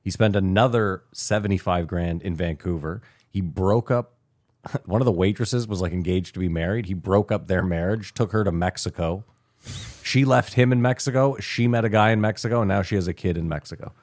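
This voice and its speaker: Deep voice canadian guy in his 30s, swears a lot while he tells a story, super dry sound. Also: fairly quick, no room sound. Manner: animated, swearing, anecdotal. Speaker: podcast co-host. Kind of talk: casual podcast chat and storytelling.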